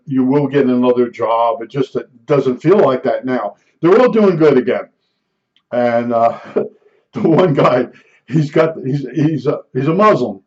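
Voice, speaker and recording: A man's voice: mid-range voice, a little mellow. An older man telling meandering stories in casual chat, often restarting sentences and chuckling at his own anecdotes. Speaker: vlogger. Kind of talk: rambling casual storytelling. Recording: dull lo-fi recording.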